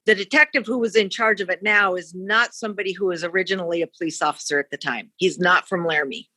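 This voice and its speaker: A woman's voice: on the low side, quick pace, bright, forceful tone. A woman from the victim's family, talking frankly and casually in an interview. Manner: plain-spoken, frank.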